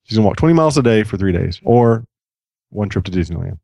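Low-voiced, goofy middle-aged man. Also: expressive, fast talker, vocal fry, mellow, no room sound. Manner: goofy, jokey asides. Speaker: podcast co-host. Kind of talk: casual chat.

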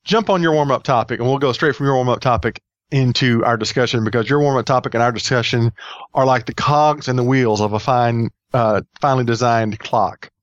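A man's voice: medium pitch, brisk, no echo, muffled recording. A man hosting a casual podcast, rambling and joking with many fillers. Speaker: podcast host.

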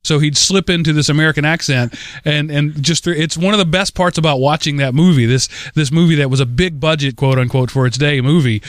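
A man's voice: fairly high pitch, steady tone, a little fast, no echo. Rambling man, dry close sound. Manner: rambling, with many restarts and stammered repeats. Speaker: podcast co-host. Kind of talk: casual chat.

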